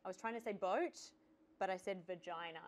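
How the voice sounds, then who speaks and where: A woman's voice: medium pitch, a little fast, crowd noise. Laughing woman comedian. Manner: self-deprecating, laughing, playful. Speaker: comedian guest. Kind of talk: comic banter on a panel show.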